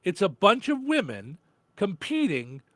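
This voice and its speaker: A man's voice: high-pitched, wildly swooping pitch, a little slow, fairly bright tone, dry recording. An older man co-hosting a casual chat show, trading dry, teasing quips. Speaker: show co-host. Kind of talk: casual banter.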